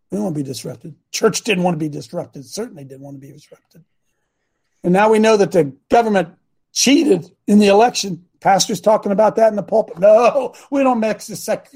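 A man's voice: high voice, brisk, gravelly, darkish tone, slightly rough. A man preaching informally to a congregation, blunt and combative, mocking his critics and throwing asides to the room.

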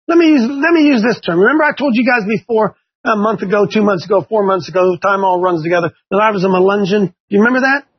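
High, husky-voiced folksy male preacher. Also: fast, muffled recording. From Ohio. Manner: folksy, quizzes listeners with questions. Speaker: Bible class teacher. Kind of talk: conversational sermon to a class.

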